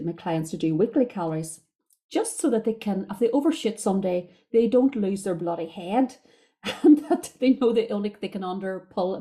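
A middle-aged Irish woman who works as a diet coach hosts a podcast, casually telling stories about conversations she's had with her clients. Her voice is mellow and medium in pitch.

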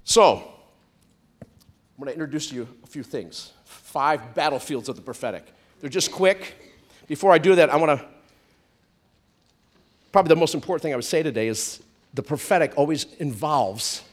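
A man preaching a sermon to a church congregation, animated, swinging from loud comic outbursts to soft hushed storytelling. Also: a little high, normal speed, long pauses.

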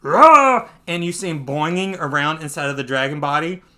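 A man hosting a podcast, recapping a comic in casual chat. He talks in a loose, chatty way, laughs easily and jumps into squeaky voices when he acts out scenes. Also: fairly quick. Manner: animated, jumps into high squeaky voices when acting out lines. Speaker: podcast host.

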